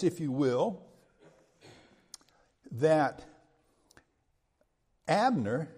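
A man's voice: a little high, a little mellow, slightly rough. A male pastor preaching an expository sermon in an emphatic, conversational way, often checking in with his listeners. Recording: long hall reverb.

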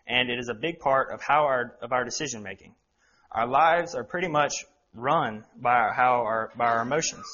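A young man delivers a sermon earnestly, his voice bright and forward. He stumbles over words now and then and fills gaps with ums. The recording sounds slightly dull and lo-fi. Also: medium pitch. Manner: earnest, with frequent ums and restarts. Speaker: lay preacher.

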